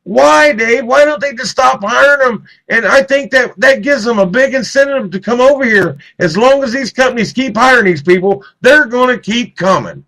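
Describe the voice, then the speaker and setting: A man with a high, bright voice hosts live talk radio. He speaks in a heated way, repeats himself, and keeps turning to his co-host by name. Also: expressive, moderate pace, creaky, hardly any pauses, low-quality recording. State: clearing throat, choked up.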